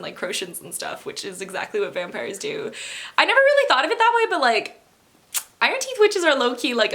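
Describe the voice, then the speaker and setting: A woman's voice: on the high side, pushed and bright. A young woman chatting casually in a vlog, giggly and rambling with lots of fillers. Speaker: book vlogger.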